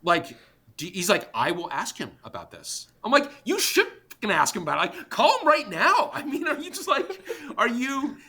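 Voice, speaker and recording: A middle-aged man, a podcast guest, telling an animated story in an emphatic, exasperated way, blunt and sometimes profane, talking in rapid bursts full of restarts. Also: very high voice, breathy edge. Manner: talks in rapid bursts with many restarts and fillers. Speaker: podcast guest, tech company co-founder.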